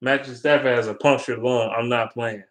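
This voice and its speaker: A man's voice: medium pitch, fairly even intonation, moderate pace. A young man in a casual, heated sports rant, swearing a lot and rambling between points. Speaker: sports fan vlogger.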